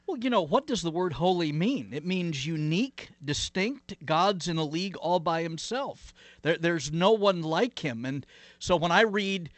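A man's voice: on the high side, animated, measured pace, no room sound. A man, a pastor, telling stories and explaining his faith as an interview guest, earnest, with many "uh"s and "you know"s. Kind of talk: interview guest, reflective storytelling.

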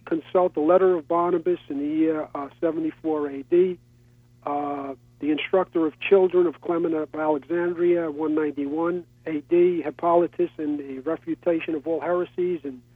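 A man's voice: fairly high pitch, no room sound. A man calling in to a radio show, earnestly listing sources with hesitant fillers, heard over a telephone. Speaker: caller. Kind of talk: call-in radio comment. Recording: tinny phone line.

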